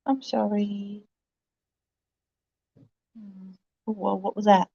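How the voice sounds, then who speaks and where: A woman's voice: mid-range voice, flat delivery, slow pace, vocal fry, long pauses, dark tone, slightly rough. A woman hosting a livestream, chatting casually with viewers in a rambling way, full of fillers and laughs, recorded on a phone. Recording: dull lo-fi phone audio.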